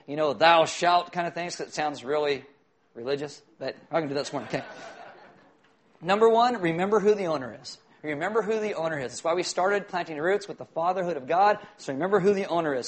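A middle-aged male pastor giving a sermon in a conversational, joking way, asking the congregation questions. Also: a little high. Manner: conversational, jokey preaching with audience questions.

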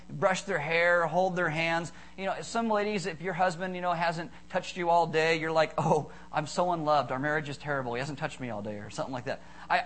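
A middle-aged man preaching a sermon as a pastor, animated and joking, acting out small stories and voices. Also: high voice, rough recording.

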